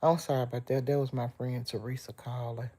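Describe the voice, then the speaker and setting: With a deep bass voice that barely moves in pitch, a middle-aged woman chats a little fast and warmly to her livestream viewers. She's the host, and her casual talk comes across as emotional and sincere.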